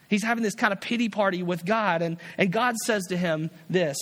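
A man's voice: sits high, brisk, few pauses, fairly bright tone, long reverb tail. A man preaching a sermon as a pastor, earnest and repetitive, often restarting his phrases.

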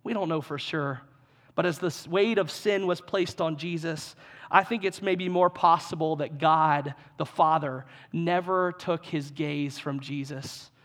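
A man with a fairly high-pitched voice delivers a sermon. He talks in an earnest, conversational way and often restarts and repeats phrases for emphasis. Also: unhurried, a bit bright. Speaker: pastor.

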